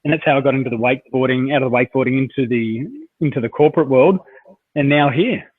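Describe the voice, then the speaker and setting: A man's voice: medium pitch, fast talker, slightly rough, no room sound. A man from Australia, a coach and interview guest, telling rambling anecdotes with many fillers and restarts. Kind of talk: conversational storytelling. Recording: dry, tinny phone-like audio.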